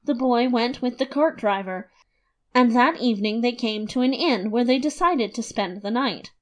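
A woman narrating a fairy tale in a lively, expressive storybook reading. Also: fairly high pitch, moderate pace.

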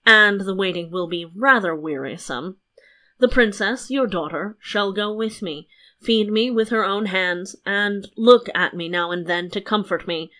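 A woman voicing a cool-headed young prince who speaks politely and in a measured way. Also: mid-range voice, pushed and bright.

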